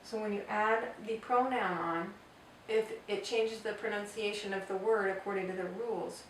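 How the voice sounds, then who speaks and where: A woman teaching a grammar lesson, explaining step by step and repeating example phrases slowly. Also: medium pitch, slight background noise. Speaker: Spanish teacher. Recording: echoey room, voice from far off.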